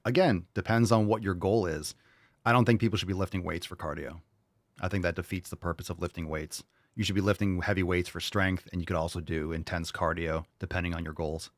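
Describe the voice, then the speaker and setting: A young man hosts a live podcast, tossing out jokes and irreverent asides between viewer questions. His voice sits low, and the sound is close and dry with no room around it. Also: steady tone, no room sound. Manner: joking, irreverent, quick asides and put-on voices. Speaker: podcast host.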